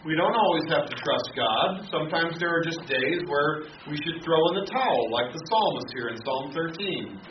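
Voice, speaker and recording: A man teaching a Bible study class, pausing often with repeated words and fillers. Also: fairly high pitch, expressive. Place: classroom or church hall. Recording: roomy, distant, dull, noisy room recording.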